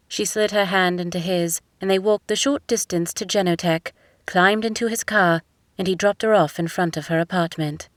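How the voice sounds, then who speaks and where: In a lowish voice, a woman narrates a romance audiobook from a script at a measured, even pace. The studio sound is clean and dry.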